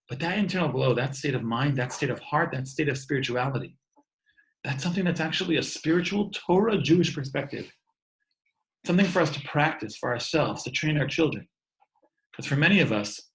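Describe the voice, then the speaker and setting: A man's voice: mid-range voice, rough recording. Earnest man giving an online talk. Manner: earnest, often repeats words. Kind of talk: warm inspirational talk to an online audience. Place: home, speaking over a video call. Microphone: video call.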